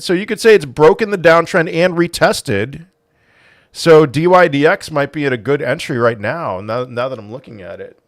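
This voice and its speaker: A young man hosting a casual livestream, reading chat aloud and answering with dry sarcasm and halting restarts. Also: medium pitch, dry recording. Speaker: livestream host.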